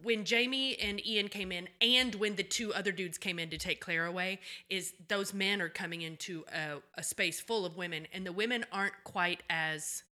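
A woman co-hosts a podcast in enthusiastic, casual chat, swearing freely and finishing her partner's sentences. Her voice is bright and sits at a middle pitch. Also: normal speed, few pauses. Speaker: podcast co-host.

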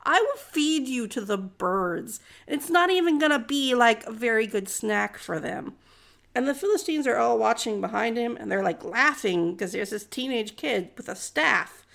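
Chatty woman telling a story, jokey and slangy, high voice with some fry. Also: expressive, moderate pace, fairly bright tone. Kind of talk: casual story retelling.

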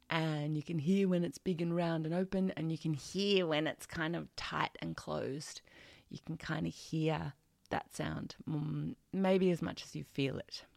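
A woman's voice: fairly low pitch, creaky, darkish tone, dry recording, studio quality. A woman giving a vocal lesson at home, chatty and playful, singing scale steps and demonstrating twangy voices. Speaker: singing teacher. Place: home studio with birds and geckos outside.

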